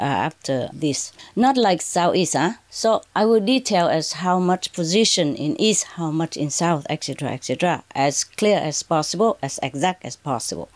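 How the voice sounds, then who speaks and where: A woman spiritual teacher addressing an audience under bright spotlights, speaking in halting, broken English with frequent "okay" and "huh". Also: fairly low pitch. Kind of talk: addressing an audience from a prepared reading.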